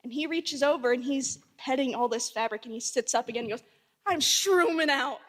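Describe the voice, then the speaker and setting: High-voiced woman telling a funny story. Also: fast talker. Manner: animated anecdote with voiced quotes and laughter. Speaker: memorial speaker. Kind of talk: storytelling at a memorial. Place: hall at a memorial service.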